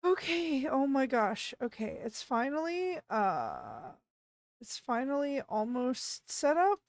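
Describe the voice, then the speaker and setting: A woman streaming live in a casual chat, flustered and panicky as she apologizes and breaks into excited greetings to viewers. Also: sits high, slow pace, dry recording. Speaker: VTuber streamer.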